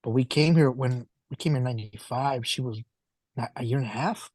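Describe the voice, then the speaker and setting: A man from Spain, Spanish his first language, talking in English with a Spanish accent, telling stories fast and animatedly and swearing freely in a casual podcast chat. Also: medium pitch, a little mellow, no echo. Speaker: podcast guest.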